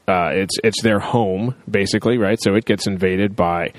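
Chatty low-voiced man recapping TV. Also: fairly even intonation, moderate pace, no echo. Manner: chatty, rambling with fillers, acts out quoted lines. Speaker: podcast co-host. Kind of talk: casual TV recap chat.

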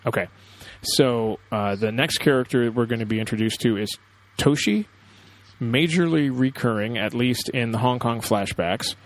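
A man's voice: medium pitch, normal speed. A man co-hosting a casual podcast chat, talking with frequent fillers and hesitations. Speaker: podcast co-host.

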